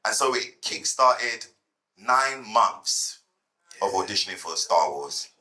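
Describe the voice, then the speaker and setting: At a fireside chat, a guest in his thirties tells lively anecdotes to a live audience, repeating words as he goes. His voice is on the low side and he takes things slowly, on a rough recording.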